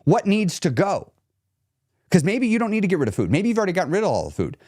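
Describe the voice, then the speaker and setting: A man coaching on weight loss during a live chat stream, blunt and emphatic, repeating his key points, and going quieter when he talks about himself. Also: sits high, wildly swooping pitch, quick pace, no echo, clean studio sound.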